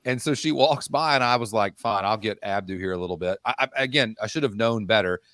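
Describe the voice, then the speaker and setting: A man's voice: lowish voice, fast talker, dry recording, studio quality. A man in his thirties with a Southern accent, co-hosting a podcast and telling stories with lots of laughter and mimicry. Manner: animated storyteller, laughs often, mimics others. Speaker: podcast co-host. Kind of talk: casual chat.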